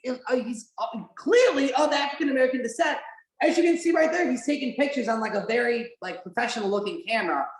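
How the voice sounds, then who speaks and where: A woman's voice: on the high side, fast. A woman hosting a podcast, chatting casually and animatedly during a watch-along, with lots of "like" fillers and the odd swear. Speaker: podcast host. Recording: roomy echo.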